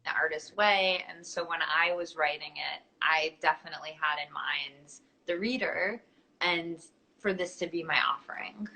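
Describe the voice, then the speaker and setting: A woman's voice: low voice, moderate pace, creaky, sharp tone, rough recording. A young woman author talking over a video call from her home studio, earnest and reflective, a little self-deprecating. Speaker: author guest. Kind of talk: casual interview chat.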